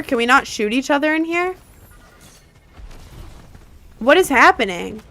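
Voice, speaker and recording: Excitable woman streamer, higher voice. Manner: excitable, exclaiming, repeats herself. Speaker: live streamer. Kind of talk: live gameplay commentary.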